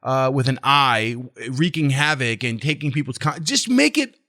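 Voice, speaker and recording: A man's voice: medium pitch, expressive, normal speed, sharp tone. A man hosting his own movie review channel, ranting casually in a blunt, profane and sarcastic way.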